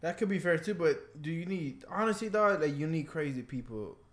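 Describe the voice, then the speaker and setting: A man's voice: a little high, lively intonation, fairly quick. A man co-hosting a podcast, speaking bluntly in casual chat with plenty of slang. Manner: blunt, slangy, matter-of-fact.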